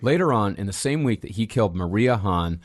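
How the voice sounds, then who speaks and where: Man narrating true crime with lively pitch. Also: a little fast. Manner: recounts case facts steadily with wry asides. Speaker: host and narrator.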